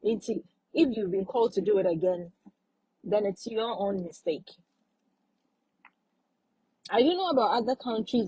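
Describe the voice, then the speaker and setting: A woman's voice: medium pitch, warm tone, breathy edge, no room sound, rough recording. A woman hosting a casual live stream, giving advice and repeating her points for emphasis.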